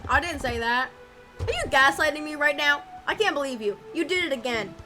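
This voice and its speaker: A woman's voice: high-pitched, lively intonation, a little fast. A young woman streamer chatting casually, playful and mock-bossy, swearing and hurling silly insults. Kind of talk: casual chat. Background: music.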